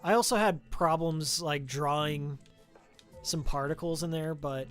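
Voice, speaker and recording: A man's voice: fairly high pitch, unhurried, faint music behind. A man streaming a game, chatting casually and rambling into tangents about old games, on a studio microphone with a pop filter. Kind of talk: casual live-stream chat while playing.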